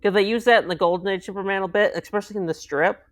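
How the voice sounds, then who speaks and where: A man guesting on a casual cartoon review chat, talking in a relaxed, rambling way. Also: high voice, very fast. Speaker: guest co-host.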